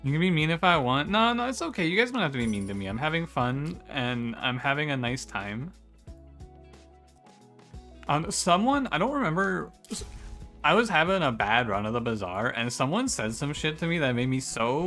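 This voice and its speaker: A man with a bright, forward voice chats loosely with his viewers while he plays, cursing casually and laughing between thoughts. Faint music sits under his talk. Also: mid-range voice, sing-song, moderate pace. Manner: chatty, swears freely, laughs while talking to chat. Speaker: game streamer. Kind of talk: casual live-stream chat.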